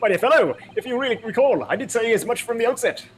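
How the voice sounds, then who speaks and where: A man's voice: very high voice, animated, fast, a little hiss or hum. A man doing a grandiose eccentric detective. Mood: lofty. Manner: grandiose, theatrical. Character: eccentric theatrical British male detective. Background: game music.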